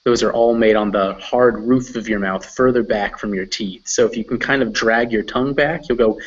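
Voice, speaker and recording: A man teaching English in an online lesson, patiently explaining and slowly demonstrating pronunciation. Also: mid-range voice, recorded from a distance, background noise. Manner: patient, slow careful demonstrations. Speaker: English tutor. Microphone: video call. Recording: dull lo-fi video call audio.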